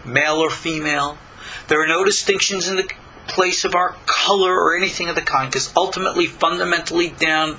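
An older man from Long Island, giving a slow, deliberate spiritual lecture with many pauses. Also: a little high, bright, forceful tone, slight background noise, poor audio. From Long Island, New York. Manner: slow, deliberate, pausing between phrases. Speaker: spiritual teacher.

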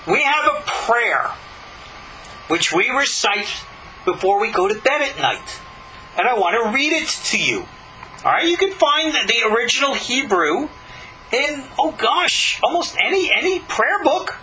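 A man with a high, very bright, cutting voice gives a scripture lesson. He leans hard on rhetorical questions and long dramatic pauses. A faint hiss of room noise sits under him. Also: poor audio. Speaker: rabbi teaching Torah. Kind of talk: live-streamed Torah lesson.

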